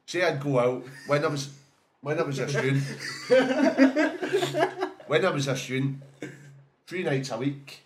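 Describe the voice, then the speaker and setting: A man's voice: on the high side, big pitch swings, slow pace, long pauses, noisy background. A young man chatting casually on a podcast, laughing often and swearing as he tells stories. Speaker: podcast co-host. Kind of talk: casual chat.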